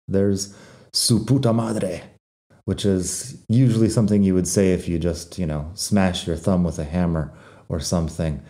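A man teaching Spanish slang in a relaxed, wry, conversational podcast lesson, with a non-native accent when he says the Spanish words. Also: deep voice. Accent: non-native Spanish accent when speaking Spanish.

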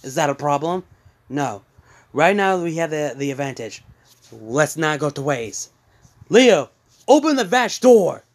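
Contemptuous villainess, read by a man, slow, slightly high. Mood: taunting. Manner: taunting, contemptuous. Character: scornful female villain, taunting.

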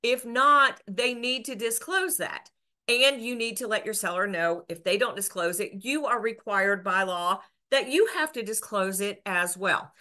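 Bright-voiced woman explaining broker rules. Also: mid-range voice, a little slow. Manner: earnest, with restarts and filler words. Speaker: real estate broker and instructor. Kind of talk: educational explainer to camera.

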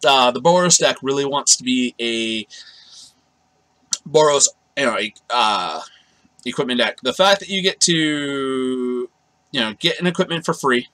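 A man's voice: mid-range voice, bright, forceful tone, no room sound, rough recording. A man giving a casual, rambling card game review, often correcting himself and laughing.

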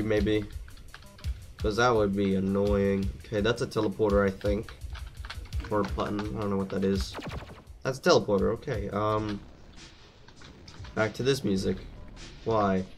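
A man giving let's play commentary, jumpy and thinking aloud, swearing at the enemies as he plays. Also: fairly low pitch. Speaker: gameplay commentator.

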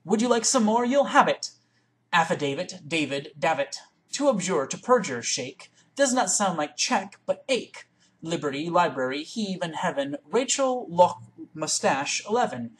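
A woman reading a poem aloud in one take into a webcam, with careful, deliberate, word-by-word recitation. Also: lowish voice, sing-song, a little hiss or hum. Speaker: reader.

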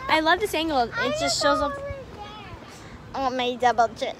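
A young woman vlogging casually from a hotel room and patio, chatty and easily excited. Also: high voice, measured pace. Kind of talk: casual vlog chat to camera. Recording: noisy handheld camera audio.

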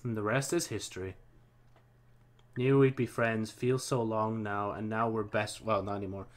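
A young man hosting a let's play on his gaming channel reads chat aloud and comments as he types, mumbling casually and swearing freely. His voice is on the low side, with a level tone and a normal speed.

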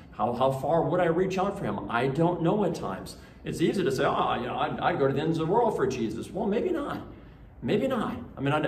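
A man's voice: mid-range voice, a little mellow, a little hiss or hum. A man, a Catholic priest, reading the Gospel and giving a homily at daily Mass in a conversational way, with many fillers and restarts. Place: church. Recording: echoey church from a distant mic.

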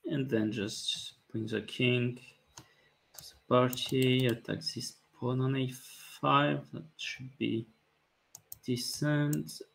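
A man, a chess grandmaster calmly thinking aloud about his moves during a live stream, with light jokes. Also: mid-range voice, takes it slowly, creaky. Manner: calm, thinking aloud move by move, light joking. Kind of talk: live-stream commentary on his own play.

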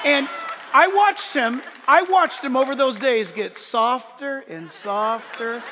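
A man as pastor delivering a sermon, animated and emphatic, swinging between shouts and soft asides. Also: very high-pitched, a little slow, background noise. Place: church sanctuary. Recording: large hall with long reverb.

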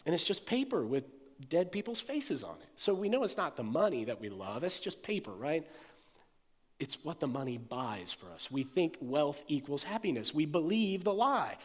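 A man preaching a sermon, an animated storyteller who acts out the voices of the people in the story. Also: fairly high pitch, normal speed, in a large hall. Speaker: pastor. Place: church sanctuary.

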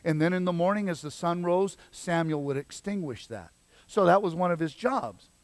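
A man preaching a sermon as pastor, swinging between loud exhortation and quiet emphasis. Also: sits high, normal speed, no room sound.

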